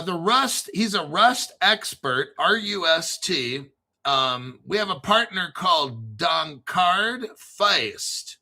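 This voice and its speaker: A high-pitched man with a very bright, piercing tone hosts a crypto show in a loose, rambling monologue. He sounds excitable and swears freely, stopping now and then to spell out names letter by letter.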